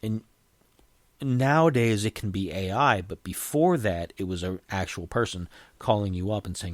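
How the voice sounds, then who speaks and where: A man hosting a solo podcast talks loosely and rambles, often beginning sentences anew. His voice is on the low side and expressive, his pace moderate, and there's no echo.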